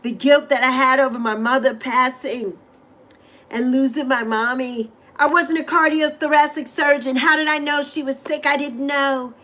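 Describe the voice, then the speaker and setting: A middle-aged woman hosts a livestream, speaking straight to her viewers through a desk microphone in a gushing, emotional, repetitive way. Her voice is high, pushed and bright, with fairly even intonation and a moderate pace. It's a heartfelt chat with the audience.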